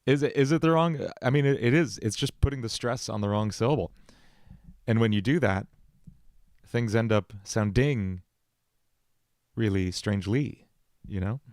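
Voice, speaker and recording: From his home studio, a musician hosts a casual livestream, thinking aloud as he writes song lyrics and answers chat questions. His mid-range voice has a darkish tone and a moderate pace, with frequent pauses and no echo.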